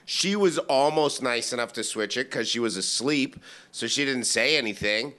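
Brief: male comic co-host, crisp, bright voice, rambling deadpan anecdotes, casual. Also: medium pitch, normal speed. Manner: rambling, deadpan storytelling with acted quotes. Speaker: podcast co-host. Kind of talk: casual comedic chat.

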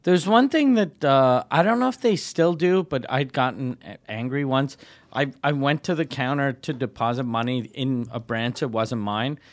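A man's voice: medium pitch, moderate pace. A man co-hosting a podcast, joking and swearing in casual chat. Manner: profane, joking banter. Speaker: podcast co-host.

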